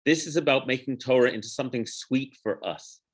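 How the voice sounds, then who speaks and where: A rabbi leading an informal Torah study class, talking through the text in a digressive way, chanting Hebrew phrases slowly and stopping to correct himself. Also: male voice, mid-range voice.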